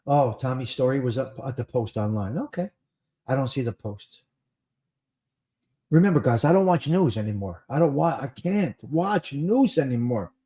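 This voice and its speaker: Male live-stream host, New Jersey accent, warm mellow tone, chatty and repetitive. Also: mid-range voice, expressive, normal speed. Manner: chatty, repeats phrases for emphasis. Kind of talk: casual live-stream chat.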